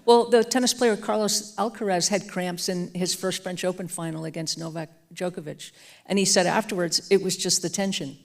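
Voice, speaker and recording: A woman's voice: on the low side, steady tone, moderate pace, gravelly. A woman interviewing a guest onstage, asking thoughtful questions that she works out as she goes. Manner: thoughtful, searching questions with restarts. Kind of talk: onstage conversation. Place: auditorium stage.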